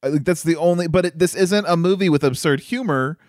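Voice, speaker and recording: A man's voice: on the high side, brisk, darkish tone, no echo, studio quality. A man co-hosting a casual film review chat, chatty and incredulous, often laughing. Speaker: podcast co-host reviewing a film.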